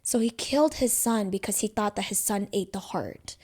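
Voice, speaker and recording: A young woman co-hosting a podcast tells stories in a loose, casual chat, rambling and leaning heavily on "like" and "you know." Her voice is medium-pitched at a moderate pace, a little mellow with a breathy edge.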